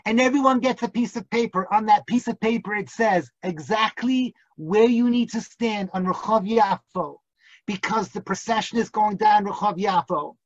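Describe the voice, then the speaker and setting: A man's voice: sits high, normal speed, dry recording. A man teaching an online class as a rabbi, telling a vivid, suspenseful story and breaking into funny put-on accents. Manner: vivid, builds suspense, hams up national accents for laughs. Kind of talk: dramatic storytelling lecture. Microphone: video call. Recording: dull lo-fi video call audio.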